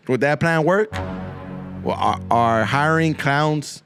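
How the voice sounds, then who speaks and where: A man's voice: mid-range voice, moderate pace, over music. A man hosting a podcast, riffing through a rambling, profane comic monologue and dropping Spanish slang into his English. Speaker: podcast host. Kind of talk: comedic monologue.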